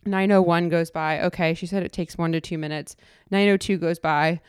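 Woman telling a story, smooth dry voice. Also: on the low side, fairly even intonation, normal speed, no room sound. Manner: emotional, many fillers and restarts. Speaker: podcast host. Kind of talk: personal storytelling.

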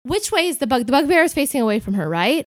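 A woman's voice: high voice, very animated, quick pace, dry recording, studio quality. A woman playing a tabletop game, chatty and filling her talk with "like". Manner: chatty, lots of "like". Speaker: player. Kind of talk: casual tabletop play.

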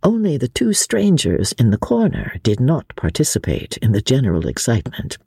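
Woman, audiobook narration, expressive, animated pitch, husky, dry. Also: normal speed, dry recording. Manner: expressive storytelling. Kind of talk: scripted narration of a classic novel.

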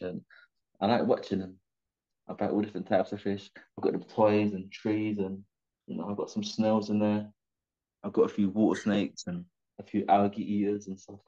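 A man's voice: lowish voice, flat delivery, a little fast, a little mellow. A man, a professional boxer, talking animatedly and rambling with restarts and swearing in a remote interview. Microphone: video call. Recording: dull lo-fi video call audio.

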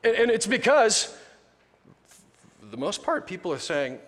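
A man with a fairly high voice preaches a sermon in a casual, joking manner and often restarts his sentences. The recording carries a long reverberant tail, as in a large hall. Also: sing-song, measured pace, fairly bright tone. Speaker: pastor.

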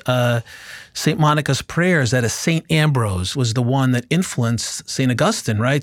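A man's voice: medium pitch, no room sound, clean studio sound. A man with a Brooklyn accent hosting a faith podcast, chatty and enthusiastic, with a lot of fillers. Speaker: podcast host. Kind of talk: casual interview chat.

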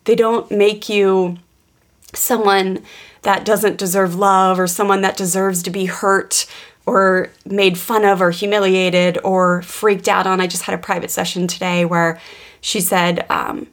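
A woman in her thirties co-hosting a parenting podcast, telling family stories earnestly with lively quoted voices. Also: mid-range voice, a little slow. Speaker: podcast co-host, parenting coach. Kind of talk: casual podcast conversation.

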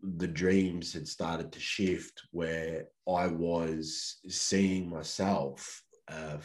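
Podcast guest: Australian man, low voice, easygoing profane storyteller. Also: flat delivery, very slow. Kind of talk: casual storytelling.

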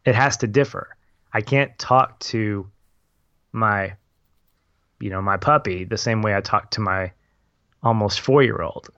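A young adult man discusses films casually, thoughtful and rambling, and laughs easily. His medium-pitched voice is a bit bright, with no echo, though the audio is dull and lo-fi.

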